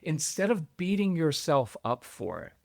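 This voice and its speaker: A man's voice: on the high side, very animated, measured pace, vocal fry, dry recording. An older man speaking as a guest parenting coach on a podcast, talking in an earnest, heartfelt, rambling way. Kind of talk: podcast conversation.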